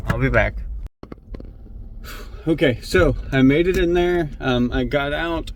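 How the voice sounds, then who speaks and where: A man's voice: a little high, slow, pauses often. Anxious man talking himself down in a car. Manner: rambling, self-soothing, heavy fillers and swearing. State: anxious, near panic. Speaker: mental health vlogger. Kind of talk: anxious self-talk vlog. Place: in a car, driving. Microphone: phone filming himself. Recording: dull lo-fi with loud car noise.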